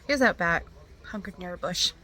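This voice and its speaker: A woman's voice: fairly low pitch, a little fast, bright, forceful tone. A woman chatting eagerly at home in a casual reading diary, full of rambling asides. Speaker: book vlogger.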